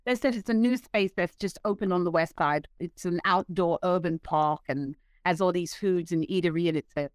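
A woman in her sixties, a guest telling stories in a casual interview, animated and laughing, acting out what others said. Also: fairly low pitch, normal speed, few pauses, dry recording. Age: 60s. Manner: animated, laughing, acts out quoted voices.

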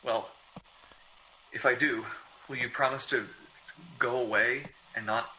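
An actor playing a flustered, stammering rich novelist under threat, in 1940s radio acting. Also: male voice, medium pitch, steady tone, unhurried, noisy background, close to an everyday voice. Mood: stubborn. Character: frightened rich novelist man, stubborn then pleading.

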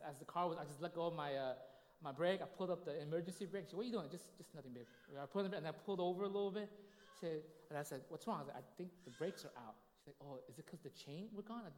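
A male pastor telling a story in a sermon, animated and acting out the voices he quotes. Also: high voice. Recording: long hall reverb.

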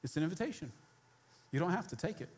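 Man, pastor, sermon, slightly high voice, lively storytelling. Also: fast, breathy edge. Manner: animated storytelling, acting out biblical characters.

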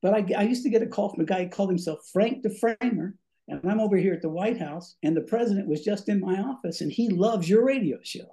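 An older man who used to be a radio DJ appears as a guest on a podcast, telling stories in a high-pitched, fast voice. He's animated, acts out the voices of characters, and sounds a little short of breath.

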